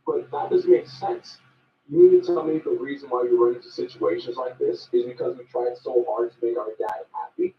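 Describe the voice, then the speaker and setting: A man's voice: medium pitch, sing-song, fairly quick, vocal fry, a little hiss or hum. A man performing a comedic sketch in an anxious, apologetic people-pleaser voice. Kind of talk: comedic self-help sketch. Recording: dull sound from a distant mic.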